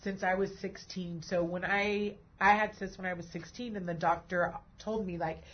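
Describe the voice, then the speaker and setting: A woman's voice: on the low side, fairly even intonation, normal speed, slightly rough, lo-fi sound. A woman host and breast cancer survivor who tells her own story, laughing and tearing up easily. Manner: emotional, laughs and cries easily. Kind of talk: emotional conversation.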